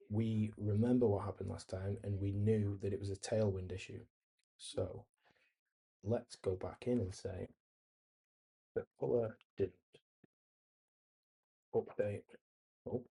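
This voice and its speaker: A man's voice: sits low, warm tone, husky. A man hosting a screen-recorded coding tutorial, talking easily and thinking aloud as he types and reads replies. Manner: easygoing, thinks aloud while typing and reading replies. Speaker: tutorial host.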